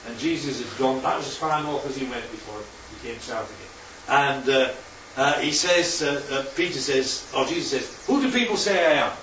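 A Bible study teacher with a sharp-toned, mid-range voice speaks at a moderate pace with hardly any pauses, keeping things chatty and checking in with his listeners as he goes through slides. There's a little hiss or hum in the distant, roomy, muffled hall recording.

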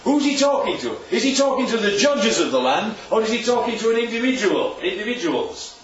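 Animated preacher heard from afar. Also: male voice, high-pitched, fairly quick, a little hiss or hum. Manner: conversational, asks rhetorical questions like "right?". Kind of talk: sermon. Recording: distant, echoey room, dull sound.

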